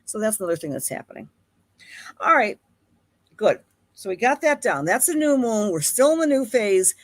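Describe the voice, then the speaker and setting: A woman's voice: mid-range voice, sing-song, moderate pace, no echo. A woman with a Buffalo accent, hosting a live-streamed astrology talk in a chatty, affectionate way and greeting viewers by name. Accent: Buffalo, Western New York. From Buffalo, New York. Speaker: astrologer host.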